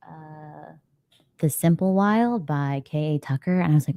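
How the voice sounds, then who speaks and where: A woman's voice: low voice, moderate pace, mellow, no room sound. A woman hosting a casual live reading stream, chatting to viewers and laughing often. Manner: chatty, reads chat comments aloud, laughs often. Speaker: livestream host.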